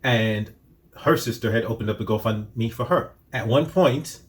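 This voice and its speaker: A man's voice: medium pitch, normal speed, breathy edge. Man firing off rhetorical questions. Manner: rhetorical, repeats questions, heated. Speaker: commentary channel host. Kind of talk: opinion commentary.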